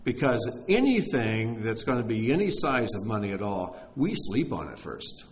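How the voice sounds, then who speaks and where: A man preaching a sermon, telling stories with energy and dropping to a hush for emphasis. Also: on the low side, normal speed, a little hiss or hum, rough recording. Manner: animated storyteller, drops to a hush for emphasis.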